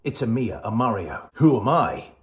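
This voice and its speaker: A man doing a crude amateur Mario impression in a rough, mumbled mock-Italian voice. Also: mid-range voice, lively intonation, moderate pace, over loud music, close to an everyday voice. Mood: goofy.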